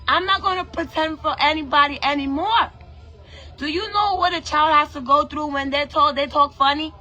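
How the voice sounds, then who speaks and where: A woman in her thirties with a Trinidadian-influenced accent speaks in a high, bright, sharp voice. She talks slowly and deliberately, swearing and firing off rhetorical questions in a blunt vlog rant. Faint music plays behind her. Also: muffled recording. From Brooklyn, New York. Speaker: vlogger. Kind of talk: impassioned direct-to-camera rant.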